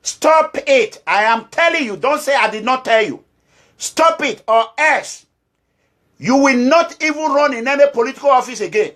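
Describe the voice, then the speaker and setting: A Nigerian-accented man speaks in an unusually high, piercing voice. He is an activist leader giving a fiery political address, alternately scolding and pleading, and he hammers his points by repeating short phrases. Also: lively intonation, a little fast, a bit bright. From Nigeria, Edo State.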